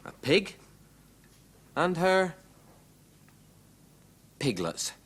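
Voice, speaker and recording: A man presenting a children's show, gently naming mother animals and their babies for young children. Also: on the high side, sing-song, background noise. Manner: slow, gentle, clear explaining.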